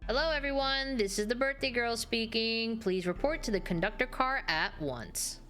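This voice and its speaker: A woman's voice: fairly high pitch, animated, normal speed, fairly bright tone, soft background music. A woman voicing a cheerful young female hedgehog hosting a birthday party, speaking in an upbeat, announcing way. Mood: cheery.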